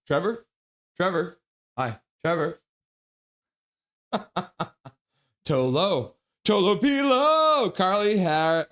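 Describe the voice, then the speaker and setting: A man giving casual play-by-play on a live stream, excitably reading out viewers' chat messages. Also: mid-range voice.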